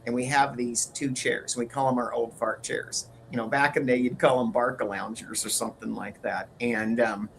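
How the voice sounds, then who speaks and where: Halting man co-hosting a chat show. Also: mid-range voice, steady tone, vocal fry, fairly bright tone, slight background noise. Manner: halting, repeats words and fillers. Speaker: podcast co-host. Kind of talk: casual conversational chat.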